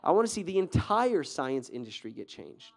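Energetic male pastor preaching. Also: on the high side, moderate pace, gravelly. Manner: energetic, conversational, asks the audience questions; fillers and repeated restarts. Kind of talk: sermon.

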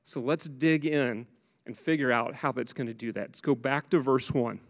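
A man's voice: mid-range voice, moderate pace. Conversational male pastor in a reverberant church. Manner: conversational, animated, asks the congregation questions. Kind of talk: sermon. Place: church sanctuary. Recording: long hall reverb.

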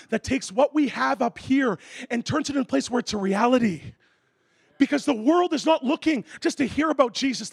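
A man preaching a sermon as a lively story, acting out voices and making comic sound effects. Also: very high voice, creaky, slightly rough, no echo, clean studio sound. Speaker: pastor.

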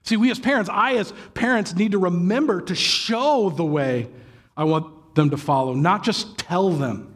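A man in his thirties preaching a sermon, telling a family story with acted sighs and lively exclamations. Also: sits high, moderate pace. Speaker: pastor.

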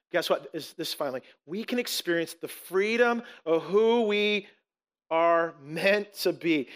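A pastor in his forties preaches to his congregation in a church. His voice sits high and sounds bright and forceful. He speaks earnestly, repeating and restarting phrases and slowing down to stress key words. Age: 40s. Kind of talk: sermon. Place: church sanctuary with rows of seats.

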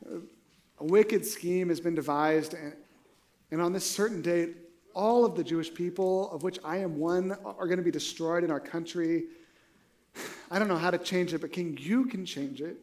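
A man voicing an earnest young queen who pleads haltingly for her people's lives, quieter than his preaching voice. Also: high voice, lightly acted. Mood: pleading.

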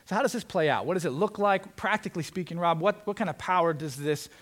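Animated, conversational male preacher. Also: sits high, fast talker. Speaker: pastor. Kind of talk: sermon.

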